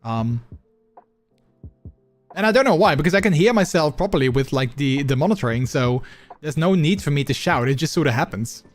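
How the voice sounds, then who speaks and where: A man's voice: a little high, lively intonation, fairly quick, long pauses, no room sound, soft background music. A man livestreaming and chatting casually with his viewers, rambling with many fillers and restarts on a close microphone. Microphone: close desk microphone.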